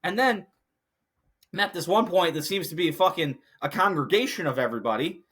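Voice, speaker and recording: A man's voice: high voice, lively intonation, fairly quick, a bit bright, slightly rough. A young adult man from the United States hosting a casual sports podcast, rambling and cursing freely, getting heated when he rants. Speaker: podcast host.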